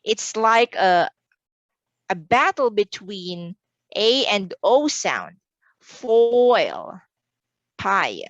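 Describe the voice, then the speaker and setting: A woman's voice: medium pitch, big pitch swings, slow pace, fairly bright tone, no echo, highs cut off. A woman from the Philippines giving an online exam review lesson, repeating words carefully for pronunciation drills.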